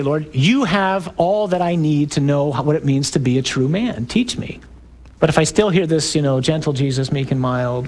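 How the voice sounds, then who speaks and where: A man's voice: a little high, breathy edge. A male priest giving an emphatic, conversational talk to a group, with rhetorical questions.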